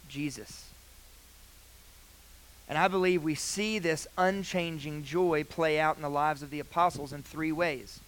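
A young man preaching a sermon, earnest, with loud emphatic phrases that drop to quiet, hushed lines. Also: a little high, low-quality recording.

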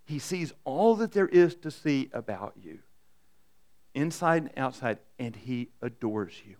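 A man preaching a sermon to a congregation in a conversational, animated way, often asking the room questions. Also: medium pitch, a little slow. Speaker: pastor. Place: church in front of a congregation.

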